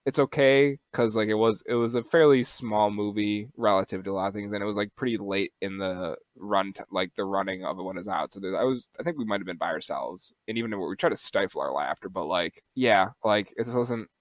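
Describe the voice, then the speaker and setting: A young man co-hosting a podcast, chatting casually, animated and quick to swear and laugh. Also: lowish voice, dry recording. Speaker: podcast co-host. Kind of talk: casual chat.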